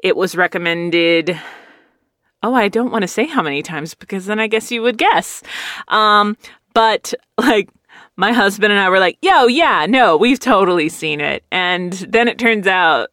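A woman's voice: medium pitch, measured pace, pushed and bright, no echo, clean studio sound. A woman hosting a solo podcast, chatting in a rambling casual way and laughing often. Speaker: podcast host.

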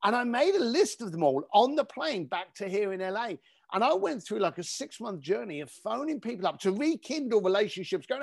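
A man telling a story on a podcast. His voice is high and swings widely in pitch, and he swears casually. He is recorded close and dry. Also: sing-song, brisk, vocal fry, darkish tone, no echo. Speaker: podcast guest. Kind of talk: animated storytelling.

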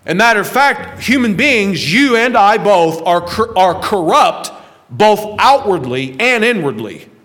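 A man's voice: high-pitched, big pitch swings, a little slow, fairly bright tone. A man preaching a sermon to his congregation, talking in a conversational way with rhetorical questions and a chuckle now and then. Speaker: pastor.

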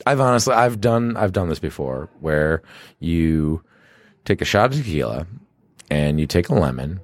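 A man co-hosting a casual chat, joking and telling stories in an animated way. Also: deep voice, moderate pace, dry recording, studio quality.

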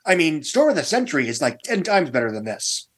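A man guest on a podcast, giving wry, measured remarks about films. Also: fairly high pitch, big pitch swings, a bit bright, husky. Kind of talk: casual film discussion.

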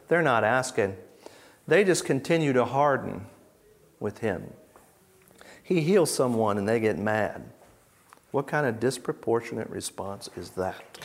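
A man of ordinary middle pitch teaches a gathered audience in a conference session. He talks with emphasis and throws out rhetorical questions. His delivery swings between loud, driving lists and soft, hushed remarks. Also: big pitch swings, a little slow. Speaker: Bible teacher.

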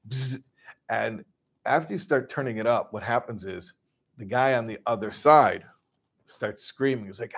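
A man from Chicago casually retelling a story, animated and full of restarts, acting out voices. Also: medium pitch, normal speed, slightly rough. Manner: animated, acts out voices, many restarts and asides.

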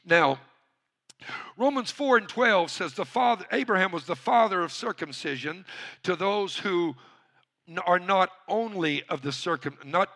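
A man's voice: sits high, lively intonation, unhurried, a bit bright. A male pastor preaching a sermon who calls on the congregation to respond.

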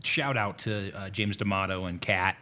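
A man's voice: low-pitched, normal speed, pushed and bright. A man co-hosting a podcast, talking casually with frequent restarts. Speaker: podcast co-host and game master. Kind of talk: casual chat.

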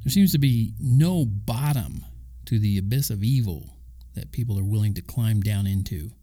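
Mellow-voiced man giving a casual devotional talk. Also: lowish voice, animated, normal speed. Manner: conversational, with asides and chuckles. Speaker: Christian podcast host.

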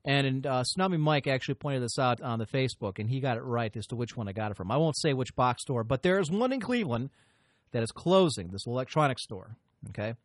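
A man's voice: medium pitch, animated, fast, no echo. A man hosting a podcast, telling a long story in a rambling, profane way and often interrupting himself. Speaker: podcast host. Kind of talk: casual storytelling chat.

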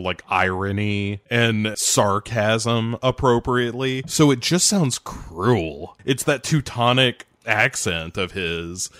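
A man's voice: on the low side, measured pace, hardly any pauses, a bit bright, no room sound, clean studio sound. A man co-hosting a podcast, giving wry, chatty movie commentary. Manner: wry, chatty and laughing often. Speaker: podcast co-host.

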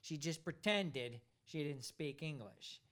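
Animated man telling a story. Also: on the high side, takes it slowly. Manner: animated storyteller, acts out voices of others. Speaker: podcast co-host, pilot. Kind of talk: casual storytelling chat.

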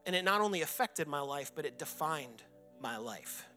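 A man in his forties preaches in a church sanctuary, telling his own story with earnest conviction. His voice sits high for a man and rings bright. Soft music plays underneath. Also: animated, moderate pace. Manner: earnest personal testimony, reenacts his own anguished shouting prayers. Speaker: pastor. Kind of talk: sermon.

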